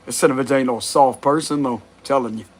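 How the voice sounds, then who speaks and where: This tarot reader speaks fast in a mid-range voice with a steady tone. He gives a casual reading, blunt and profane, laughing often as he goes.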